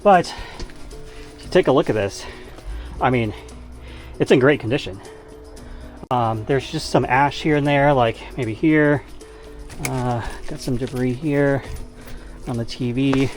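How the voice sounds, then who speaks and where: A man talks casually while he cleans a camper van, rambling and correcting himself as he goes. He sounds a little out of breath, and his voice sits at an ordinary middle pitch. Faint music plays underneath. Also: measured pace, long pauses. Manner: chatty, rambling with fillers and self-corrections. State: slightly out of breath from working. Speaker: vlogger. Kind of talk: casual narration while working.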